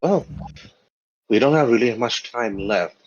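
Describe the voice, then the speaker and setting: A man's voice: medium pitch, expressive, a little slow, muffled recording. A man voicing a polite, worried woman who runs a generator and fusses over her words. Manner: fussy, repeats "actually".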